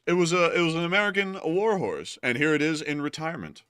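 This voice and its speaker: A man's voice: a little high, animated, quick pace, hardly any pauses, a bit bright, clear, resonant tone, no echo. A man co-hosting a live stream in casual chat, laid-back and laughing, repeating his thank-you phrases for donations. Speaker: co-host of a live news stream.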